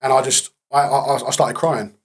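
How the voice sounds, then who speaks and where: A man as a podcast guest, telling his story candidly in a blunt, matter-of-fact way with dark humour. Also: medium pitch, steady tone, moderate pace, husky.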